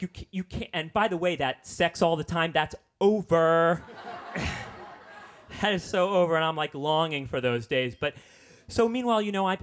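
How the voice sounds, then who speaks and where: A man in his fifties doing stand-up, telling a comic story about his own life. His voice sits a little higher than most men's. He sounds exasperated and self-mocking, tossing in quick asides. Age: 50s. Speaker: comedian telling a personal story.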